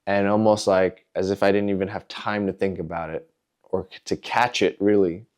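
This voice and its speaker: A man hosting a podcast, telling a personal story in a candid, introspective way, in short halting phrases. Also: sits low, level tone, a little mellow. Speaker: podcast host.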